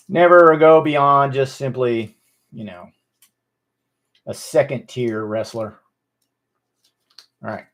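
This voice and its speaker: A man talks his way through a hands-on sculpting job in a loose, meandering way. He often trails off, restarts his sentences and fills the gaps with filler words, at an ordinary mid pitch. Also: gravelly, a bit bright. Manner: rambling, many fillers and restarts. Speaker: sculptor, channel host. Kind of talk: casual chat while sculpting.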